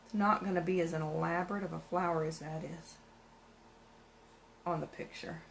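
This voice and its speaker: A woman's voice: fairly low pitch, fairly even intonation, moderate pace, gravelly, slight background noise, low-quality recording. Chatty woman thinking aloud while painting. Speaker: craft vlogger. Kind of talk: casual painting narration.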